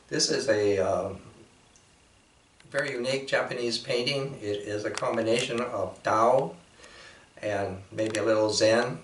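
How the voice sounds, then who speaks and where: A man giving a reflective, unhurried talk, with measured pauses and frequent fillers. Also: on the low side, a little hiss or hum. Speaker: speaker presenting a painting. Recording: roomy echo from a distant mic.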